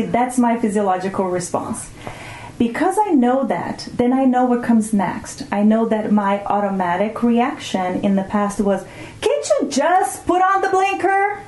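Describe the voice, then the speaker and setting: A Brazilian woman, speaking as a mindfulness teacher, explains things in an interview in a calm, reflective way, often slowing down to stress key words. Her medium-pitched voice is mellow and soft-edged. The recording has a roomy echo and slight background noise.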